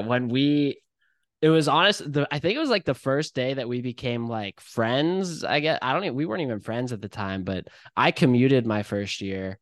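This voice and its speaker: A man's voice: mid-range voice, dry recording, clean studio sound. A young adult man co-hosting a podcast, chatting casually and thinking back on his college days, with lots of "like" and "um" fillers. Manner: relaxed and reflective, with many "like" and "um" fillers. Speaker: podcast co-host. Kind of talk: casual chat.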